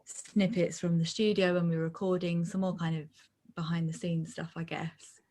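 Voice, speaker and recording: Low-voiced, easygoing woman on a video call. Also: little pitch movement, normal speed, dark tone. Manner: easygoing, hesitant, lots of ums and mms. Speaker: band member, guest. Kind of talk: casual interview chat.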